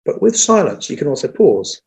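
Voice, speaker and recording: A presentation skills trainer with a gravelly, fairly high-pitched voice talks about public speaking in a casual, conversational interview captured on a low-quality recording. He's energetic, acts out what an audience might say, and deliberately speeds up and slows down.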